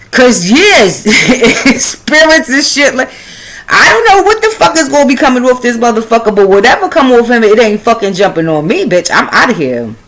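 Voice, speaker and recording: Animated, profane woman telling a story. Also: lowish voice. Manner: animated, profane, swinging from loud to hushed. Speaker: spiritual storyteller. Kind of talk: casual storytelling monologue.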